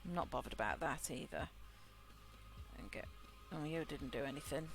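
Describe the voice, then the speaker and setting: A woman's voice: sits low, moderate pace, a bit bright, soft background music. A woman streamer chatting casually and rambling as she plays a game, often laughing. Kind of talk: casual chat while gaming.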